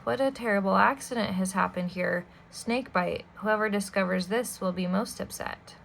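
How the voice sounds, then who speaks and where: A woman's voice: mid-range voice, normal speed, gravelly, a bit bright, a little hiss or hum, low-quality recording. A woman reading aloud and voicing a sinister, scheming adult male villain with a sneering, menacing manner. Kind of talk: storybook read-aloud.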